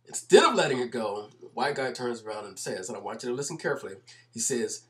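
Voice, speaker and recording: A man's voice: mid-range voice, sing-song, fast talker, fairly bright tone. Emphatic man commenting on clips. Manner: emphatic, explanatory, repeats points. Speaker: video commentator. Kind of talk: commentary over video clips.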